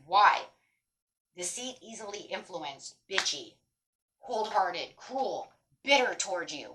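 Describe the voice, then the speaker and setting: A woman's voice: lowish voice, fairly bright tone, rough recording. A woman giving a tarot reading in a blunt, emphatic way, swearing freely as she talks straight to her viewers. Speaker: tarot reader.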